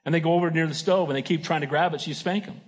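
A man's voice: a little high, steady tone, very fast. A man preaching a sermon as pastor, emphatic and folksy, often asking his congregation "Amen?". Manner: folksy and joking.

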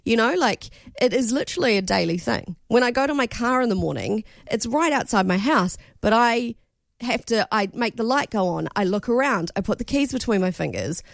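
A woman's voice: a little high, expressive, brisk, creaky, dry recording, clean studio sound. A woman co-hosting a breakfast radio show, chatting casually and laughing easily.

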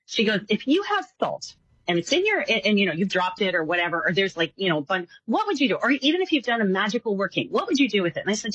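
Woman, animated storyteller, husky edge, dry close sound. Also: mid-range voice, fast, dry recording, low-quality recording. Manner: animated, acts out voices in her stories. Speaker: psychic guest. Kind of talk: casual storytelling interview.

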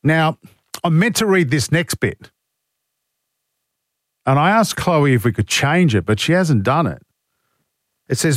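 A male talkback host chats loosely from a radio studio, teasing himself and tossing off jokes as he reads out listener texts. His voice sits a little high, and the sound is close and dry, with no room echo. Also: lively intonation, unhurried, long pauses. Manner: joking, self-mocking, reads listener texts aloud. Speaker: radio talk show host. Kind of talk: casual talkback radio chat.

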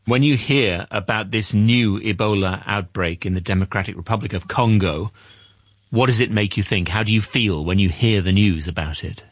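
A male reporter with a low, husky voice asks gentle, prompting questions in a news interview. His sound is dry and close. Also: moderate pace, no echo.

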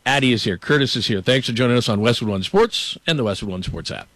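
A man's voice: medium pitch, animated, fast talker, fairly bright tone, no echo. A man hosting a sports radio show, telling loose anecdotes with many fillers and frequent laughs into a studio microphone. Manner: rambling, laughs often, many "like"s. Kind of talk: casual studio banter and anecdotes.

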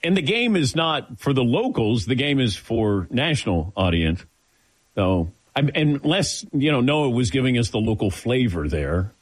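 A man's voice: medium pitch, moderate pace, slightly rough. A man hosting a sports radio talk show, joking with his crew between segments. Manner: lively, joking, sets up segments.

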